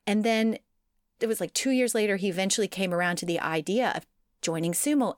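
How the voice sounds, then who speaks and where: A woman's voice: mid-range voice, no echo, studio quality. A woman casually telling a sumo wrestler's life story to a co-host, laughing at times and digressing. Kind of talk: casual chat.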